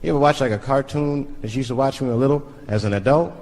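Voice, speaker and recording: A male stand-up comedian telling a profane story, animated, acting out voices of the people in it. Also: medium pitch, fast. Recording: live show with audience laughter and noise.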